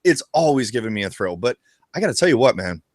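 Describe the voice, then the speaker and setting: A man co-hosting a casual live discussion about a video game, talking in an excitable, profane and animated way. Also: mid-range voice, fast talker, no echo, studio quality. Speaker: co-host of a retro gaming show.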